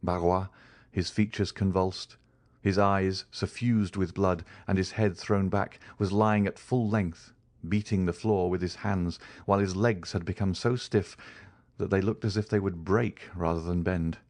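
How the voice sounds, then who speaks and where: A man reading a classic novel aloud as an audiobook narrator, in a measured, dramatic way. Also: sits low, fairly even intonation, darkish tone, no room sound. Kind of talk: scripted narration.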